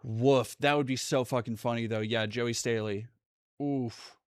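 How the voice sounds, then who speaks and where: A man hosting a livestream, giving casual reaction commentary in a blunt, profane way with halting restarts. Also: medium pitch, fairly even intonation, clear, resonant tone, dry recording, clean studio sound. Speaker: livestream host.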